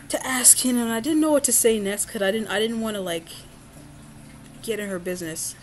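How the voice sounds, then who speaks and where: A woman's voice: a little high, a little fast, slight background noise. Woman rambling through a story, faint ambience. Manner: rambling, full of fillers and restarts. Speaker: vlogger. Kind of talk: casual storytelling monologue.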